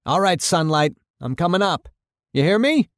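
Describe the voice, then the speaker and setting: A man's voice: sits high, big pitch swings, moderate pace, no room sound, studio quality, pitched above the performer's own voice. A man reading the part of an anxious, officious policeman who barks urgent commands. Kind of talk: dramatic reading of a radio play.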